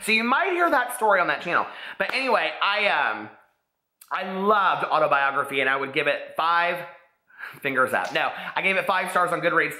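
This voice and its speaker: A man's voice: on the high side, expressive, moderate pace, bright, forceful tone. A man, chatting casually about books he's read, gushing and full of "like"s. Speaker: booktube host. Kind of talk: casual book review vlog. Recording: echoey room.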